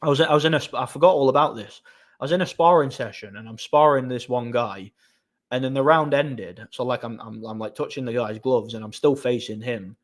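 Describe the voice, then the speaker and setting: A man's voice: mid-range voice, a little fast. Rambling man telling stories on a live stream. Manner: rambling storytelling with frequent restarts. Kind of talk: casual live stream chat.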